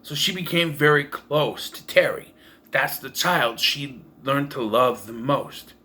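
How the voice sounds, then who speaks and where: A man's voice: mid-range voice, unhurried, bright, forceful tone. Blunt, rambling man reviewing a film. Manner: rambling, blunt and profane, with many restarts. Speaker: movie reviewer. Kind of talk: casual movie review vlog. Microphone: camera propped on taped-together cases.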